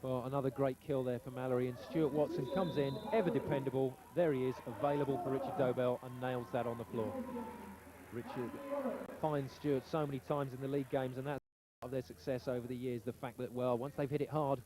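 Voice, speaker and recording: A man calling live play-by-play sports commentary in brisk, excited calls. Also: mid-range voice, crowd noise. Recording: old TV broadcast with audible noise.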